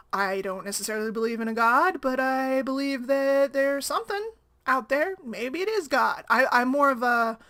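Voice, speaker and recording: Mom blogger, female, slightly high voice, loose conversational ramble. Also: fairly bright tone. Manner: rambling, conversational, keeps asking "right?". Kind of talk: casual talk to camera.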